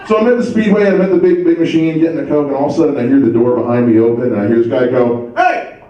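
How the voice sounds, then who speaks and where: Brief: male stand-up comic, deadpan storyteller, dark mellow tone, recorded from afar in a boomy room. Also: very fast. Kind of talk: stand-up comedy set. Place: comedy club stage. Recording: distant dull mic in an echoey club.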